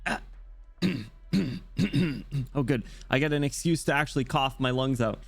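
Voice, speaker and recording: Young British male streamer, loose and playful, mid-pitched, dry close mic, faint music under. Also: animated, a little slow, pauses often, a bit bright, no echo. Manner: rambling and playful, frequent throat clearing. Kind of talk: casual live-stream chat while reading game dialogue.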